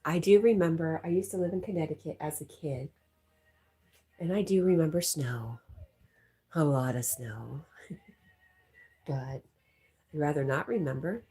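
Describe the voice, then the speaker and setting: A woman with a low, mellow and slightly husky voice hosts a relaxed livestream. She chats easily and reads viewer comments aloud, laughing often. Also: a little slow, pauses often. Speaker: livestream host reading chat. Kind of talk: casual live chat.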